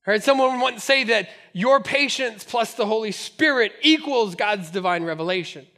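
High, bright-voiced animated male pastor. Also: normal speed. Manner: animated storytelling, laughing often. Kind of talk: sermon.

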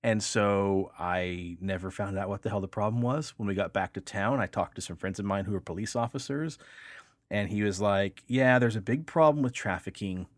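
A young man with a low voice tells a story in an easy, chatty podcast style. He brings the people in it to life with voices. The sound is dry and close. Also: normal speed, no room sound. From Texas, raised in Kansas. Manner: animated storyteller, acts out voices in quotes. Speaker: podcast co-host. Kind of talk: casual storytelling chat.

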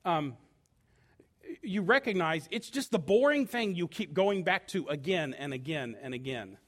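A middle-aged man preaching with a fairly high voice that leaps and swoops through a wide range. He drives his points home emphatically and slips into acted quotes as he goes. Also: animated, a little slow, a bit bright. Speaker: pastor. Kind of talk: sermon.

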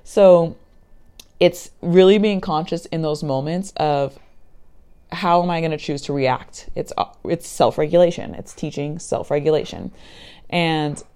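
A woman's voice: sits low, a little slow, mellow, clear, resonant tone. A woman casually explaining a mental health approach, chatty and often searching for words, with ums and likes. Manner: acts out parent voices in quoted lines.

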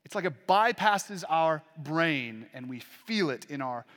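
A male pastor delivers a sermon in a slightly high voice, earnest and measured. He drops to near silence and rises again with dramatic pauses. His words ring out with a long reverb through a large church hall. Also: animated. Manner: earnest preaching with big swings in loudness and dramatic pauses.

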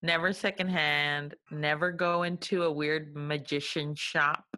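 A woman's voice: sits low, steady tone, unhurried, pushed and bright. A woman co-hosting a casual chat, giggly and riffing on silly story ideas. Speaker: podcast co-host.

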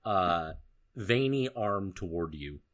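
Slow, hesitant man running a tabletop game. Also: deep voice, expressive, a bit bright. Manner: slow, hesitant narration with many fillers. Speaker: game master.

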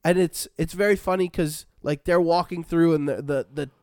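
A man's voice: on the high side, moderate pace, no echo, studio quality. A man co-hosting a podcast, casually recapping a movie and acting out the characters' lines. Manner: animated, acts out characters' lines mid-story. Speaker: podcast co-host.

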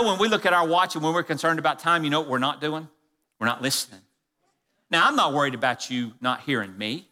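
A man preaching a sermon as pastor to his church, stressing key phrases by slowing down and dropping low. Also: bright, forceful tone. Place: church sanctuary. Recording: long reverb of a church hall.

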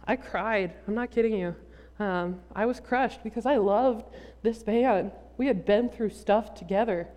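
A woman's voice: medium pitch, a little slow, darkish tone. A young woman giving a sermon, telling a funny personal story with jokey asides to the audience. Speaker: preacher. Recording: long reverb from a large hall.

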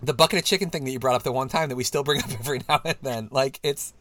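A man co-hosting a podcast in casual chat, animated and laughing often, his voice jumping up when he mimics people. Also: mid-range voice, very fast, dry recording. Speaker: podcast co-host.

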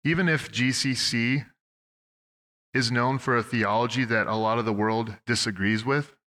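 A man's voice: medium pitch, moderate pace, sharp tone. A young man from Oregon, a pastor preaching a sermon, telling stories in a conversational way with frequent restarts. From Oregon, USA. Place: church sanctuary. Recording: long hall reverb.

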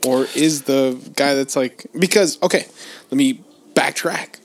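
A man's voice: mid-range voice, a little slow. Blunt, profane man chatting. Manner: blunt and profane, acts out others in quoted voices. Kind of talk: casual chat.

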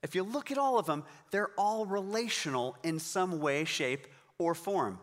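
A man's voice: high voice, lively intonation, unhurried, a bit bright, in a large hall. A man preaching a sermon in a conversational, encouraging way, reading scripture and explaining it. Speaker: pastor.

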